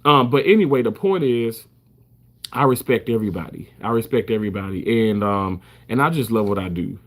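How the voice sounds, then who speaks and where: A man's voice: on the low side, lively intonation, a little fast. A man who works as a surgical first assist, talking casually to the camera in an emphatic way, repeating himself and swearing freely.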